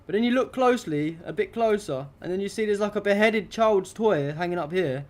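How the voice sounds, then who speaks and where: A young man hosts a live stream, talking over pictures he shows in a loose, rambling way. His voice sits a little high, and his indignation comes out in constant swearing. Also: expressive, fairly quick. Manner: indignant, heavily profane, rambling. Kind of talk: live stream commentary on news images.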